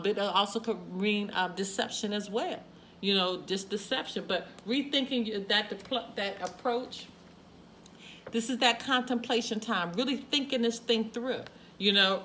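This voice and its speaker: A woman's voice: on the high side, a bit bright, slight background noise. A woman reading tarot cards for her viewers, emphatic and repetitive, with frequent exclamations. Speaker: tarot reader. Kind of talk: spoken tarot card reading.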